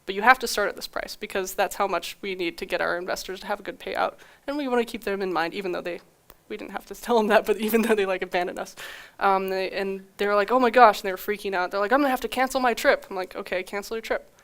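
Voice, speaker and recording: A young adult woman with a medium-pitched voice speaks fast while giving a conference talk. Animated, she tells a story, acting out quoted dialogue with frequent laughs.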